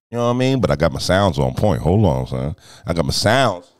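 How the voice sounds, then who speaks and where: Very deep-voiced, animated male streamer. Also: a little fast, dry recording, clean studio sound. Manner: animated and profane, swings between shouting and muttering. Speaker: streamer and host. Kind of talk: casual live-stream chat.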